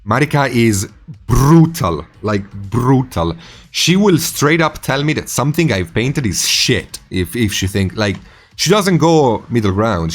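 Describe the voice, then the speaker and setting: A man in his forties hosting a casual live stream, animated and teasing, laughing often. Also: medium pitch, unhurried, breathy edge, faint music behind. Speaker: streaming host.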